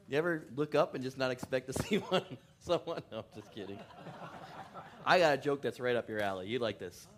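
A male pastor preaching a relaxed, joke-filled sermon in a church. He chuckles often, pokes fun at himself and rambles from aside to aside, at a middling pitch. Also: moderate pace. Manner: chuckling, self-deprecating, rambling. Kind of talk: joking sermon. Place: church in California.

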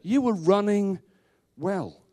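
High-voiced man preaching emphatically. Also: lively intonation, slow pace, mellow. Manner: emphatic, repeats rhetorical questions. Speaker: pastor. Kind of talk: sermon. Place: church, before a congregation.

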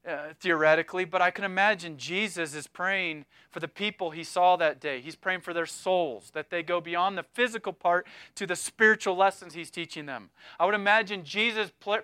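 Man, pastor, sermon, high voice, conversational and animated, dry close sound. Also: clear, resonant tone, no echo. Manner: animated, conversational preaching with asides and humor.

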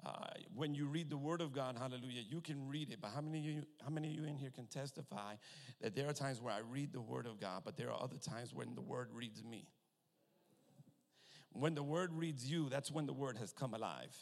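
A man preaching a sermon, peppering his points with hallelujahs and amens, slowing down to stretch key words and swelling to loud emphasis as he asks the congregation if they hear him. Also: mid-range voice. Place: church sanctuary with long reverb. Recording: long reverb of a church hall.

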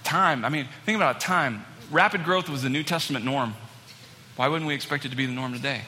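A man preaching a storytelling sermon to a congregation, acting out the people in his stories with growing excitement. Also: medium pitch, a little fast, a little hiss or hum. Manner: animated, acts out quoted people, rising excitement. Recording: long hall reverb, faint ambience.

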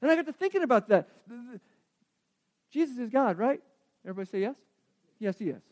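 A man preaching a sermon, asking the congregation questions and swinging between emphatic declarations and quiet reflection. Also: extremely high pitch, animated, fast talker.

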